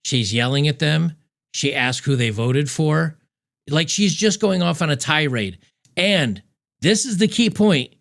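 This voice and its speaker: Gravelly man giving scornful commentary. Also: on the high side, animated, measured pace, fairly bright tone. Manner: emphatic, mocking, scornful. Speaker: commentary host. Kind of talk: reaction commentary on a video clip.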